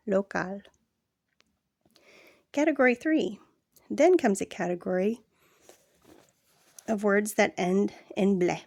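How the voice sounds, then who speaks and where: A woman reading a language textbook aloud as a read-along lesson, slow and deliberate, with casual asides to the listener. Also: mid-range voice, gravelly, darkish tone, no echo.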